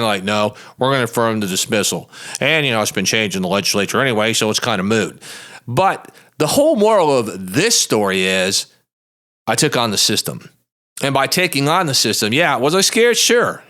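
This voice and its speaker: A man's voice: medium pitch, big pitch swings, normal speed, pushed and bright. A man, a lawyer hosting his own show, telling a story in a blunt, folksy, emphatic way in a monologue podcast. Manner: plain-spoken and blunt.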